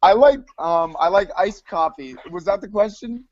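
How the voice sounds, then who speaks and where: A man's voice: high voice, moderate pace, a little mellow. A man guest answering eagerly and apologetically in casual chat. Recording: dull lo-fi audio.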